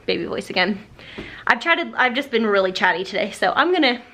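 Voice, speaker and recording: A woman's voice: medium pitch, expressive, fairly quick, pushed and bright. A young woman chatting casually and rambling to her camera at home. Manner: rambling, chatty, self-deprecating. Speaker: vlogger. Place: living room at home.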